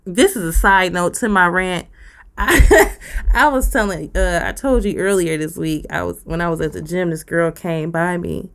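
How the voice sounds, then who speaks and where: A woman's voice: lowish voice, moderate pace, creaky, a bit bright. A woman, co-hosting a podcast and ranting bluntly with profanity. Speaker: podcast co-host. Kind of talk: casual rant on a podcast.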